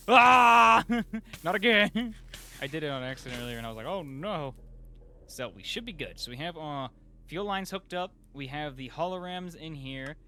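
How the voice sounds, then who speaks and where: A man giving casual gameplay commentary, excitable and self-mocking, with lots of fillers and sudden yelps. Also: a little high, a little fast. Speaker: gameplay youtuber. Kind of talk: casual let's play commentary.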